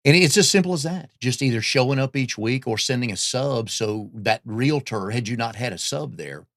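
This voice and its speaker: A man's voice: medium pitch, expressive, moderate pace, a bit bright, dry recording, clean studio sound. A man interviewing a guest, asking casual questions and giving short, encouraging replies.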